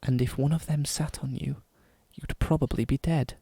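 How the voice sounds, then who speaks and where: A man putting on a slow, pompous posh announcer voice for comic readings. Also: mid-range voice, monotone, no echo, natural voice. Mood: mock-posh. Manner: slow, measured, overly formal.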